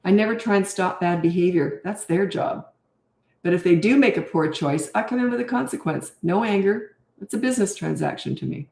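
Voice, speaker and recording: A woman's voice: mid-range voice, fairly quick, vocal fry, a little mellow, roomy sound. An older woman coaching parents, answering viewer questions in a blunt, emphatic way and repeating her key points.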